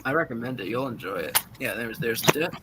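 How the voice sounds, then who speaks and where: A man's voice: medium pitch, expressive, fast talker, noisy background. A man in a casual online group chat, eagerly rattling off movie trivia over a voice call. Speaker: guest on a birthday stream.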